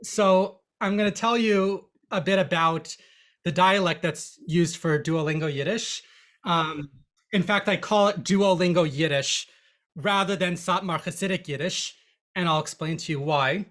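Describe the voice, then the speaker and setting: A language teacher giving a lecture in a chatty, animated way, with frequent restarts. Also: mid-range voice, a little slow. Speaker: Yiddish teacher. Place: online lecture.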